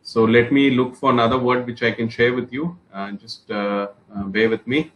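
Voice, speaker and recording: A male trainer leads an online English class, repeating each word slowly and building example sentences around it. He talks in a steady, encouraging way, with many fillers and restarts. His voice sits in the middle range and carries a roomy echo. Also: medium pitch. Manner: repetitive, explains words with example sentences.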